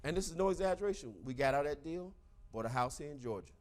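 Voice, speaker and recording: A man in his forties with a Southern US accent, giving a motivational seminar talk in an emphatic, repetitive way with bursts of shouting. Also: fairly high pitch, expressive, fast. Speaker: seminar speaker.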